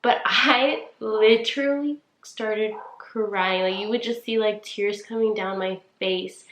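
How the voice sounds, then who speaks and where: A woman's voice: medium pitch, steady tone, slow, few pauses, a bit bright. A woman in her twenties co-hosting a podcast. She gives casual, heartfelt advice, says "like" a lot and talks straight to the listeners. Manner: earnest, heartfelt, many "like"s, addresses listeners as "you guys". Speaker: podcast co-host. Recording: echoey room.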